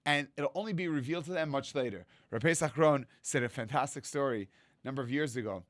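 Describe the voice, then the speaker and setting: Man, rabbi sermon, animated storytelling, dry close sound, mid-pitched voice. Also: quick pace, dry recording. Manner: animated storytelling, acts out quotes. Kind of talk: Torah sermon.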